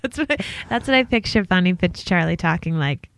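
A woman's voice: lowish voice, animated, a little fast. Playful woman co-hosting a podcast. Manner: playful, jumps in with jokes and questions. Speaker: podcast co-host. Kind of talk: casual chat.

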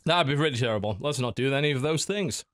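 A man's voice: medium pitch, animated, fast talker, fairly bright tone, no echo. Dry, articulate male podcast host. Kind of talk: casual podcast chat.

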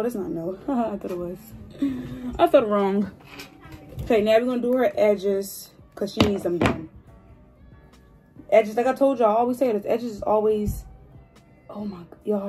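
A woman in her twenties chatting excitedly to her viewers in a hair vlog, gushing and talkative. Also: mid-range voice. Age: 20s. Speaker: hair vlogger. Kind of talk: casual chat to viewers. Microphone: phone.

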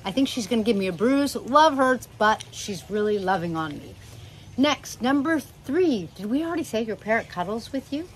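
A woman's voice: on the high side, lively intonation, moderate pace, slight background noise, rough recording. A middle-aged woman at home chatting casually about her parrots, rambling and affectionate, sometimes breaking off to talk to her birds. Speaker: parrot owner and channel host. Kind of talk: casual chat to camera.

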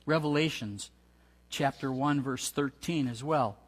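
A male pastor delivering an earnest Easter sermon, reading scripture aloud in a slow, measured way. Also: a little high, in a large hall. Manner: earnest preaching, reads scripture aloud slowly.

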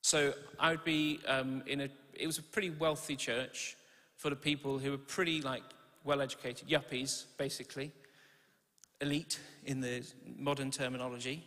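A man's voice: mid-range voice, level tone, normal speed, bright, forceful tone. A man preaching a sermon in a church, talking in a conversational way, asking his listeners questions and correcting himself as he goes. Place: church hall. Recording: reverberant church hall.

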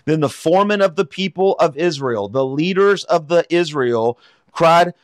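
A man's voice: fairly high pitch, animated, normal speed, no room sound, clean studio sound. A man teaching through a Bible passage, reading verses aloud and explaining them in a casual, conversational way with frequent fillers and rhetorical questions. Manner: reads scripture then explains it conversationally, with fillers and rhetorical "right?". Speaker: pastor teaching a Bible study.

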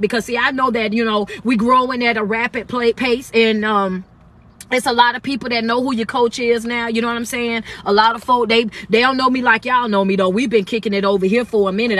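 A woman's voice: fairly high pitch, fairly bright tone. A woman motivational speaker and life coach who energetically greets her live viewers and preaches about the new year. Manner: preacherly, urges listeners to take notes. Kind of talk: live-stream motivational talk.

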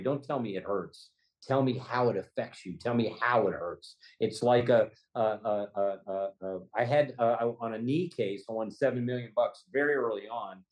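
A man's voice: mid-range voice, rough recording. A man, a trial lawyer and podcast guest, telling a story with emotion and stumbling over repeated words. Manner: halting, repeats words, gets choked up. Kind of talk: emotional storytelling in a remote interview. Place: Los Angeles, remote.

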